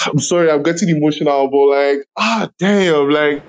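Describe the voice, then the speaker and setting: A man's voice: a little high, moderate pace, rough recording. A man from Nigeria speaking passionately in a casual online audio-room chat, often repeating himself and apologizing. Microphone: phone in an online audio room.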